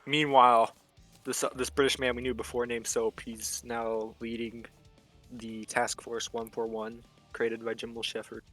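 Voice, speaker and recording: A man's voice: medium pitch, flat delivery, a little slow, fairly bright tone, soft background music. A young man casually explaining a game's story, stringing events together with "and then". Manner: rambling, chains events with "and then". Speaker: explainer of game lore. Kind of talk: casual chat.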